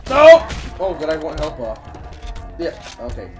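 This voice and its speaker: A man's voice: on the high side, moderate pace, over music. A man giving casual, joking gameplay commentary while playing co-op, prone to sudden yelps. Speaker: co-op gamer.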